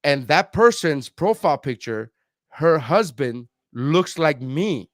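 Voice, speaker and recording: A man's voice: fairly high pitch, lively intonation, takes it slowly, dry recording, clean studio sound. A man co-hosting a podcast, telling a long profane story in casual chat with lots of quoted voices. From South Florida. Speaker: podcast co-host, comedian.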